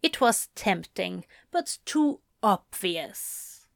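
A woman narrating a story aloud at an unhurried, even pace. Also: medium pitch, no room sound, clean studio sound. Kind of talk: amateur audiobook reading.

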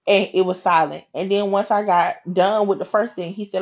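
A woman hosting a podcast, telling a personal faith story in a chatty, animated way and acting out what people said. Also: medium pitch, fast talker, hardly any pauses, dull audio. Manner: animated and chatty, slips into quoted voices, laughs. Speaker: podcast host. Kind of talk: casual faith storytelling monologue.

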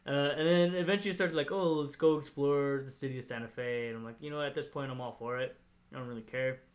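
A young man tells a drawn-out, rambling story in casual podcast chat, heavy on swearing, laughs and fillers like "like" and "you know." His mid-range voice stays fairly even and runs a little fast.

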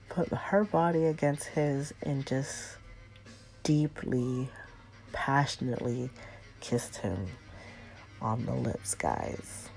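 A woman's voice: a bass voice, vocal fry, warm tone. A woman chatting casually and confidingly to her viewers, telling a personal storytime confession. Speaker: storyteller vlogger.

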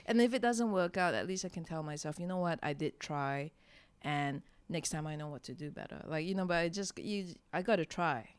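A woman's voice: deep voice, fairly quick, clean tone. A woman comedian, chatting in an interview, self-deprecating and laughing often. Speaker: stand-up comedian, guest. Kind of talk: casual interview chat.

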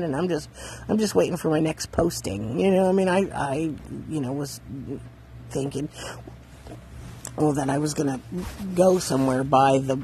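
A man living in a van, telling a rambling story in a casual, halting way, repeating words and laughing often. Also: on the high side, darkish tone, a little hiss or hum, low-quality recording.

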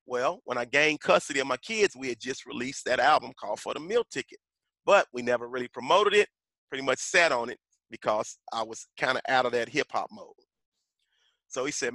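A man's voice: mid-range voice, lively intonation, moderate pace, fairly bright tone, no room sound. A middle-aged man, a rapper and voiceover artist, telling stories as a podcast guest and now and then breaking into rhymed verse. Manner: bursts into rhymed rap verses mid-talk. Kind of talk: animated conversational storytelling.

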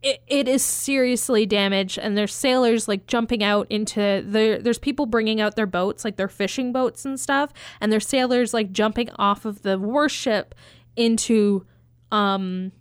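A woman's voice: on the high side, moderate pace, clear, resonant tone, no echo, studio quality. A woman casually retelling a film scene, rambling and swearing as she acts out the characters. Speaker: podcast co-host.

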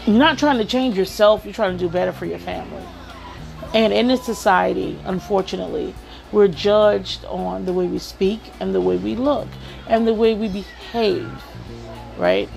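A woman's voice: mid-range voice, moderate pace, creaky, soft background music. A woman hosting a podcast, giving advice in a chatty storytelling way and often saying "you know.". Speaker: podcast host. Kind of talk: casual advice monologue.

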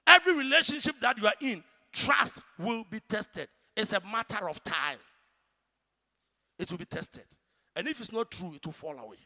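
A man with a Ghanaian accent preaching a sermon, shouting one moment and hushed the next. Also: high-pitched, lively intonation, normal speed. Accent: Ghanaian English. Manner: dramatic, swings from shouting to hushed. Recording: church hall reverb.

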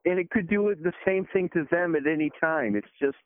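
Guest on a dry, phone-quality line; relaxed man, meandering, lots of "uh"s. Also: on the high side, brisk, no room sound. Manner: rambling, many fillers and restarts. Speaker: guest, former special effects worker. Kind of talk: casual podcast chat.

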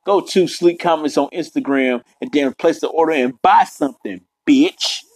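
A man's voice: fairly high pitch, moderate pace, husky, dry recording, low-quality recording. Profane rambling man in a dry room. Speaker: podcast host. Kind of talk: casual solo podcast rant. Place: apartment room.

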